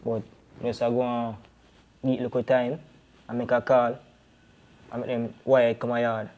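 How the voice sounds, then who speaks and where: A crime-drama actor with a Jamaican accent plays a deported man back home with his brother, delivering Jamaican Patois film dialogue. The recording is muffled; his mid-range voice, close to everyday speech, shows little pitch movement and is unhurried as he rambles defensively, peppered with "you know."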